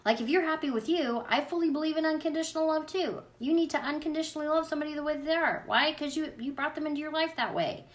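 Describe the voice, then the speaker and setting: A woman's voice: sits high, fast, few pauses, far from the mic. A woman, an energy healing practitioner, talking earnestly and casually to viewers in a live Q&A. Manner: chatty, earnest, talks straight to viewers. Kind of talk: casual livestream Q&A.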